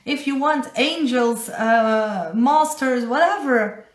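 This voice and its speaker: A woman with a Dutch accent, a spiritual coach giving a casual live card reading, halting and searching for English words. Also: a little high. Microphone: phone or webcam on a live stream. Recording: echoey room.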